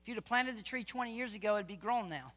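A man preaching with a high, bright, tense voice. He talks to the congregation in a casual way and keeps asking rhetorical questions. He swings between quiet, intimate talk and loud, fervent exhortation. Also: expressive, fast talker. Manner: conversational, full of rhetorical questions. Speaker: pastor. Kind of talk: sermon.

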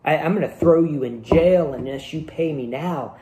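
A man's voice: a little high, moderate pace, dark tone, lightly acted. A man voicing a greedy, pushy man who demands money he is owed. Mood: demanding. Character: greedy, pushy freshly forgiven male debtor. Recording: echoey room.

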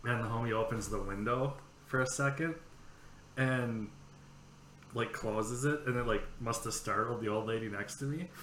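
A man's voice: mid-range voice, normal speed, a bit bright, roomy sound, a little hiss or hum. A man hosting a podcast, telling rambling, profane anecdotes in casual chat. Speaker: podcast host.

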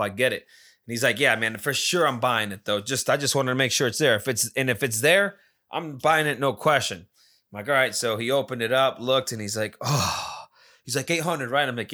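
A man's voice: mid-range voice, bright, forceful tone. A man from Las Vegas telling a casual, rambling story, swearing freely and filling gaps with "you know.". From Las Vegas, USA. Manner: rambling, profane, many fillers.

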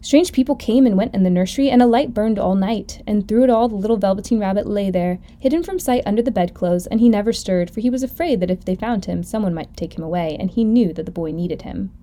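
A woman host reading a children's story aloud gently and expressively. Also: mid-range voice, fast, few pauses. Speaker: podcast host.

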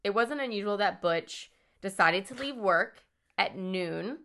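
A woman's voice: medium pitch, lively intonation, a little slow, a bit bright. A woman casually recounting a true-crime story as a podcast co-host, joking and swearing along the way. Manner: swearing, joking, playful mock voices.

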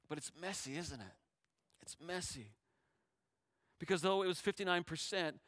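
Pastor guy preaching, bright crisp voice, goes soft then loud, kinda choked up, dry close mic. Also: on the high side, dry recording. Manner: swings from hushed tender lines to loud rising exhortation. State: emotional, near tears. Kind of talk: sermon.

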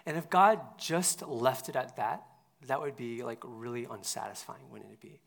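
Male pastor, mid-pitched, gravelly texture, conversational sermon delivery with hushed dips and emphatic peaks. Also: a little slow.

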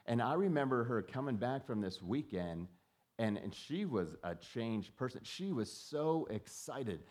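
Male pastor, casual sermon delivery, mid-pitched voice, restarts words, slips into quoted voices. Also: very animated, unhurried, darkish tone. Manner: conversational, repeats words when starting a thought.

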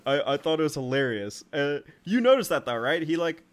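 A man's voice: a little high, sing-song, brisk. A man co-hosting a film podcast, chatting casually, laughing often and rambling with lots of "like". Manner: laughs often, loose and rambling with many likes. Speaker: podcast co-host.

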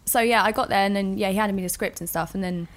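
A woman's voice: mid-range voice, steady tone, fast talker. A young woman, a guest actress, telling stories in a chatty, laughing way on a casual podcast. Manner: chatty storyteller, laughs often, many "like"s.

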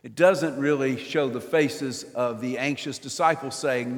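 An older man preaching a sermon in a church, swinging from loud emphatic lines down to near whispers. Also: medium pitch, measured pace, in a large hall. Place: church nave.

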